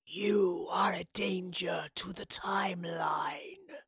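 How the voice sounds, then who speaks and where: A woman voicing an ancient hooded time guardian in an audiobook, speaking in a slow, hollow, rasping whisper. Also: lowish voice, fairly even intonation, a bit bright, no room sound, exaggerated voice. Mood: cold menacing. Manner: slow, measured, menacing. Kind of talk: audiobook narration.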